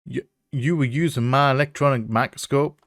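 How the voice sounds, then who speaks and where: A man putting on a gruff Southern professor. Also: medium pitch, fairly even intonation, normal speed, fairly bright tone, no echo, clean studio sound, close to an everyday voice. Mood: suspicious. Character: gruff older male scientist, indignant and suspicious.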